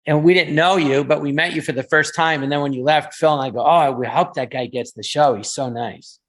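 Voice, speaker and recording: Guest comedian, male, raised pitch, rambling anecdotal storyteller. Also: a little fast. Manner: anecdotal, acts out quoted voices. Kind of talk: casual storytelling chat.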